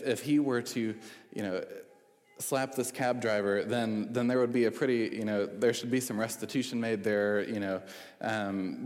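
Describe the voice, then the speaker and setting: A man's voice: fairly low pitch, darkish tone. A man giving a sermon as a preacher, talking conversationally with frequent fillers and restarts. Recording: long reverb in a large hall.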